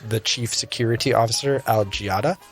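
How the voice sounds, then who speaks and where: A man's voice: medium pitch, a little fast, breathy edge, soft background music. A man playing a tabletop role-playing game, speaking hesitantly and laughing easily. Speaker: player.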